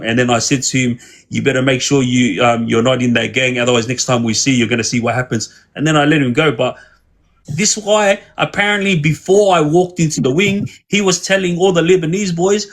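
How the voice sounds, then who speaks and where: A man casually telling long prison stories, rambling and acting out quoted dialogue. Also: a little high. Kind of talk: casual storytelling.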